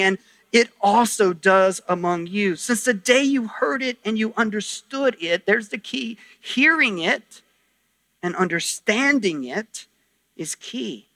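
A man's voice: sits high, fairly bright tone, dry recording. A male pastor preaching a sermon, emphatic, with rhetorical questions and repeated phrases. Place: church sanctuary.

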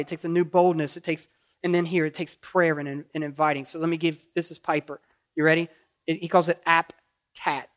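A middle-aged man with a Kentucky accent preaching a sermon, rising loud when pleading and dropping soft and low in prayer. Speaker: pastor.

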